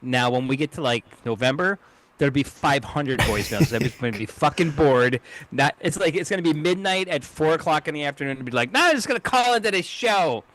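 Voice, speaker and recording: A man's voice: medium pitch, fast talker, a bit bright. A man co-hosting a casual podcast, rambling through a jokey history rundown and fumbling names. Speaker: co-host. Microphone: home mic on a video call.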